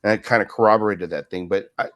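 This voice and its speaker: A man in his fifties with a lowish voice, talking through long stories as an interview guest. His speech rambles and keeps checking in with a quick "right?" as he goes. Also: steady tone, a bit bright. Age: 50s. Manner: rambling, with frequent "right?" tag questions. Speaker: martial arts instructor as interview guest. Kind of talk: casual storytelling in an interview.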